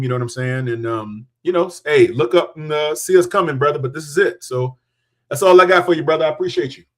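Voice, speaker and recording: Effusive man on a podcast panel. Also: fairly high pitch. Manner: warm-hearted, effusive thanks. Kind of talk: casual chat.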